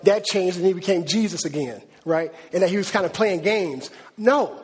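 High-voiced pastor preaching in a big hall. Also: male voice, slightly rough. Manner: conversational, animated preaching with slang asides. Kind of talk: sermon. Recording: reverberant hall.

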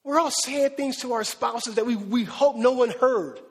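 A high-pitched male pastor delivers a sermon in a conversational, animated manner. He keeps asking his listeners "right?" and acts out the voices of the people in his stories. His voice carries a long reverb, as if it were recorded in a church hall. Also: moderate pace, slightly rough. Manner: conversational, checks in with "right?" often; animated storytelling with acted-out quotes.

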